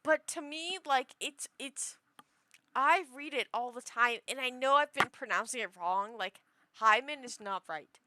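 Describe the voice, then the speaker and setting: A woman's voice: sits high, measured pace, pushed and bright. A young woman chatting casually on a stream, rambling and self-deprecating with frequent giggles. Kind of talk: casual chat.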